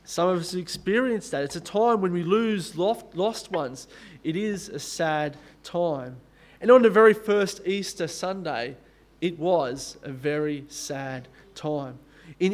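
A man with a high, light voice preaches a sermon in a conversational way. He reads scripture aloud, then slows and softens for the solemn moments before picking back up. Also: expressive.

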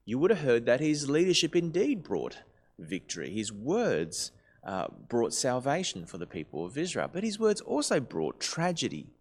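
A man, a pastor preaching in a lively, conversational manner. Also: medium pitch. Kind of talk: sermon.

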